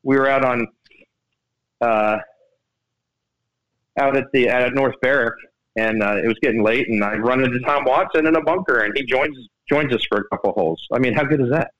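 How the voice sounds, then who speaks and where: Man telling golf stories on radio. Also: mid-range voice. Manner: animated storyteller, quick to act out other people. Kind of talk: casual radio golf chat. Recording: dull radio broadcast sound.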